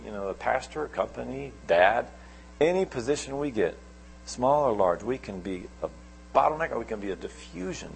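A middle-aged man preaching a sermon, telling stories with sudden swings between loud and soft. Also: medium pitch, vocal fry, a little hiss or hum, low-quality recording.

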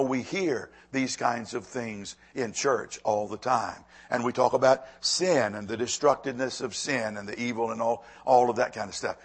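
A man's voice: mid-range voice, breathy edge. A man preaching a sermon, earnest and repeating phrases for emphasis. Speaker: pastor.

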